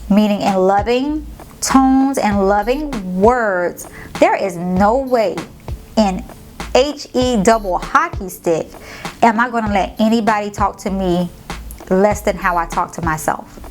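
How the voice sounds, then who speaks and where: A woman's voice: mid-range voice, a little slow, soft background music. A woman vlogger, giving a sassy, slangy motivational pep talk to her viewers. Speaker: motivational vlogger and podcast host. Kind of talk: casual motivational talk to camera.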